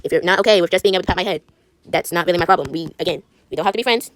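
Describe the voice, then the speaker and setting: A woman's voice: on the low side, rapid-fire, a little hiss or hum. A woman video creator chatting while she colors. She talks in a sassy, rambling way and often stumbles and restarts her words.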